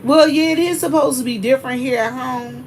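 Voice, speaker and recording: A woman with a drawl and a fairly high voice, chatting loosely on a livestream. She talks straight to her viewers, greets them by name and rambles from one story to the next, with a faint hum under her voice. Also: brisk. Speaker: livestream host. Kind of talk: casual livestream chat with viewers.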